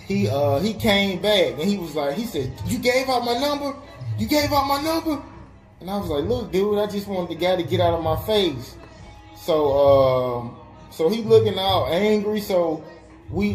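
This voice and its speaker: A young man, speaking a touch higher than most men, rambles through a story with constant fillers and acted-out quotes. The room sounds echoey, and faint music plays behind him. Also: a little mellow. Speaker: web radio host. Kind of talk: casual storytelling.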